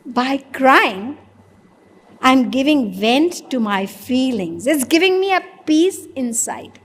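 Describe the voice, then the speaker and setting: A woman voicing a grief-stricken man, high and echoing. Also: very animated, slow pace, a little hiss or hum, full character voice. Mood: defensive. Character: grieving middle-aged man, distraught and defensive. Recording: long hall reverb.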